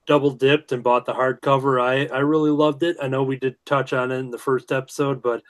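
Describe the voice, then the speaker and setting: A man's voice: medium pitch, flat delivery, fairly quick. Male host, easygoing rambling delivery, average voice. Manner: rambling, many fillers and restarts. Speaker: podcast host. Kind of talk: casual chat.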